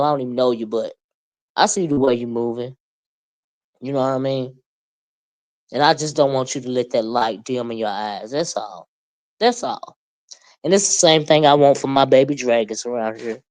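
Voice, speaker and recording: A woman's voice: rumbling low, darkish tone. A woman in her fifties talking casually into the camera, folksy and plain-spoken, with frequent asides like "you know what I mean". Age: 50s. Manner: folksy, Southern-flavored talk with lots of "you know what I mean" and "child"; sounds older than her age, called a surly old bird by herself. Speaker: vlogger addressing a fellow creator. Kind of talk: casual monologue.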